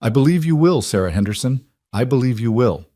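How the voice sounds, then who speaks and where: A man voicing a gruff rancher who speaks curtly and gives little away. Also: mid-range voice, expressive, fairly quick, dark tone, dry recording, clean studio sound, pitched above the performer's own voice, natural voice. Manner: curt, terse.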